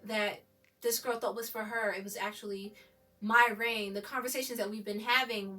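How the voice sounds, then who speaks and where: A woman recapping a TV episode in animated, gushing casual commentary. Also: a little high, distant mic. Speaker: TV recap vlogger.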